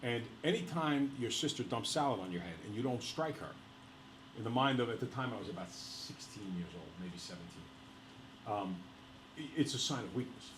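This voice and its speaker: Animated man telling class a story. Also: medium pitch, moderate pace, roomy sound, noisy background. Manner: animated, laughing, addresses class directly. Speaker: teacher.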